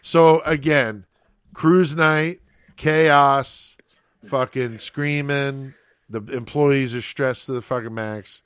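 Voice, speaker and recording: A man casually telling a profane, animated story as a podcast host, checking in with "okay?" as he goes. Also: medium pitch, slow, smooth, dry recording, studio quality.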